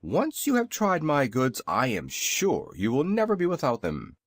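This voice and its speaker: A man voicing a very old male inventor who is polite, odd and courteous, speaking in a bright, sing-song manner. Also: medium pitch, huge pitch swings, normal speed, no room sound, studio quality. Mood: chatty.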